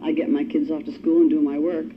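A woman's voice: deep voice, little pitch movement, fast. An older woman giving a personal testimony at a recovery meeting, telling her story in a wry, self-mocking way. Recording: dull lo-fi recording with faint hiss.

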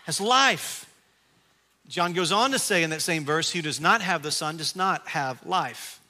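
Bright-voiced pastor preaching in a hall. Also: male voice, a little high, moderate pace. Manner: storytelling with animated asides and repeated restarts. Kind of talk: sermon. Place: church sanctuary.

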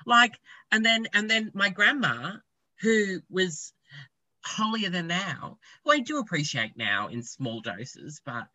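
Bright-voiced man telling stories. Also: high voice, takes it slowly, dry recording, low-quality recording. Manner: candid, animated, swears freely. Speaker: podcast guest. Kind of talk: casual storytelling interview.

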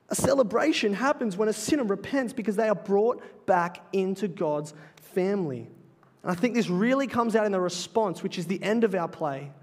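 A male pastor preaching a sermon in a church, earnest and emphatic, slowing down to stress key phrases. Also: high voice. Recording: long reverb of a large hall.

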